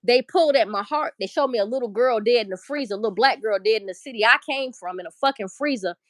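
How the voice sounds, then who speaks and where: A middle-aged woman hosting a livestream rants emotionally and profanely in casual commentary. Her voice is fairly high and her pace quick, in a dry recording.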